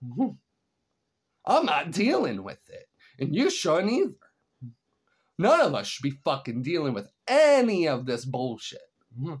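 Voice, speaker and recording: A vlogger ranting to camera, blunt and profane, swinging from heated outbursts to low, weary grumbling. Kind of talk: solo ranting commentary to camera.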